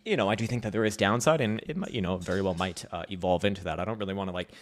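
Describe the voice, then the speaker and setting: Racing along in a low-pitched voice, a U.S. man hosts a casual market-update livestream from home. He reads viewers' chat aloud with profane jokes and plenty of laughter.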